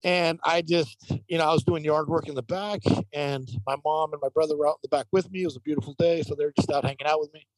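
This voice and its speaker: A man who works as a professional baseball umpire, telling lively stories in a casual interview with many fillers. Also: fairly high pitch, quick pace, hardly any pauses, dry recording, poor audio. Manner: animated anecdotal telling, frequent fillers.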